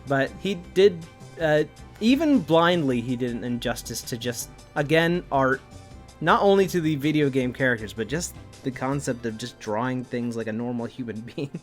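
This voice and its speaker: A man's voice: mid-range voice, animated, moderate pace, soft background music. A man co-hosting a casual comedy chat, sarcastic and joking, laughing often. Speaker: co-host.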